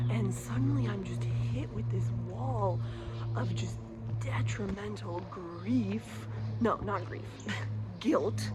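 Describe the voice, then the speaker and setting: A woman's voice: medium pitch, reverberant, background noise. A woman in her thirties telling a personal story to camera in a chatty, emotional way, full of "like". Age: 30s. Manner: chatty, emotional, heavy use of "like". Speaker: vlogger.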